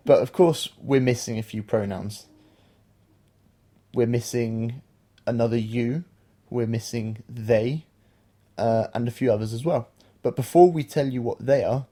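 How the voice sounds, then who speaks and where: Male podcast teacher, patient and explanatory, mellow low-key tone. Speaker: language teacher, podcast co-host. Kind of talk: explaining a beginner language lesson.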